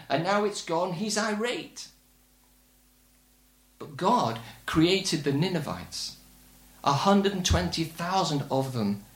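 An older man preaching a sermon with earnest, measured emphasis. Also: a little high, reverberant.

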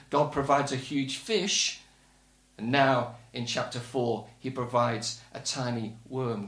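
An older man preaching a sermon with earnest, measured emphasis. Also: on the high side, fairly bright tone, reverberant.

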